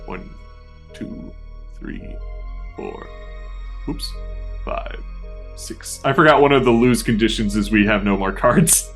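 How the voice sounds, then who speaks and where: A man's voice: fairly low pitch, slow pace, gravelly, pauses often, fairly bright tone, faint music behind. A man playing a tabletop survival game with a friend, telling his character's days in a loose, swearing, laughing way. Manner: laughs often, swears, trails off and repeats himself. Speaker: player and podcast host. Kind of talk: casual tabletop game play with in-character journaling.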